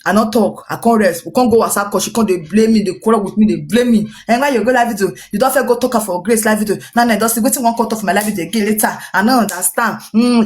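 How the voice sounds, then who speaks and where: A woman speaking in a Nigerian Pidgin English accent pours out a long, rambling account at a very fast clip, circling back over the same points. She acts out snippets of what others said as she goes. Her voice sits at a middling pitch for a woman. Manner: rambling, repetitive, animated retelling with quoted dialogue. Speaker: social media personality. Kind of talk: gossipy storytelling recounting a dispute.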